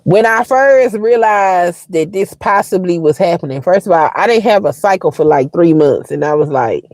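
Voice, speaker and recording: A woman in her forties hosting a live stream, telling personal stories to her viewers in a blunt, frank and expressive way and swearing freely. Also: on the low side, normal speed, dry recording. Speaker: livestream host. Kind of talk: casual storytelling to viewers.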